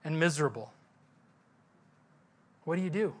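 A man's voice: a little high, expressive, normal speed. A male pastor giving a sermon in a conversational, storytelling way, asking the listeners questions.

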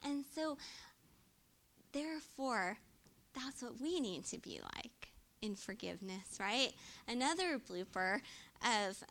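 A woman giving a casual, expressive Bible teaching, often checking in with her listeners. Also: a little high, slow pace, long pauses. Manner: chatty and expressive, often adds "right?".

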